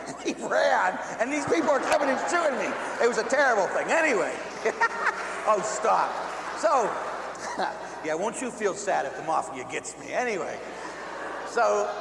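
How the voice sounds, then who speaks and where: A man, a priest from Pittsburgh, telling personal stories in a sermon, lively and laughing at times, then dropping to soft hushed tones. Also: high voice, normal speed, creaky. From Pittsburgh, USA. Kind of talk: storytelling sermon. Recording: echoey church hall with faint hum.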